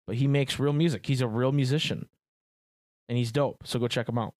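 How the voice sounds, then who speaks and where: A man's voice: medium pitch, fairly even intonation, brisk, darkish tone, no room sound. A man hosting a podcast in loose, jokey banter, swearing freely. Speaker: podcast host.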